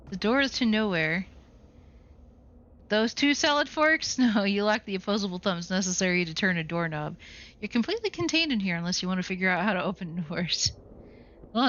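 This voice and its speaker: A woman's voice: medium pitch, lively intonation, moderate pace, a bit bright. A woman hosting a game playthrough who reads the narration aloud and jokes about her moves, laughing often. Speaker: let's-play host. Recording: dull lo-fi sound.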